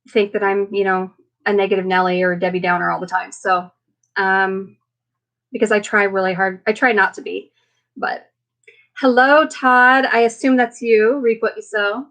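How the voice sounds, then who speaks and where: A woman's voice: medium pitch, a bit bright. A woman hosting a casual live chat with viewers, chatty and rambling, with many fillers, tired and emotional after being sick. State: recovering from illness, emotional. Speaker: livestream host.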